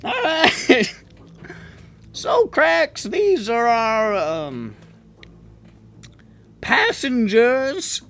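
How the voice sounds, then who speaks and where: Stitch, a squealing goblin. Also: male voice, wildly swooping pitch, very slow, creaky, long pauses, a bit bright, full character voice. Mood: excited. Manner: shrill, strained squeal. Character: excitable high-voiced male goblin sidekick.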